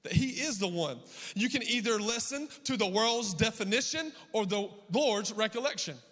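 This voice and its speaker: A middle-aged man preaching a sermon as pastor, his voice hoarse and worn from yelling, with a rhythmic delivery and call-outs to the congregation. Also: sits high, lively intonation, moderate pace, long reverb tail.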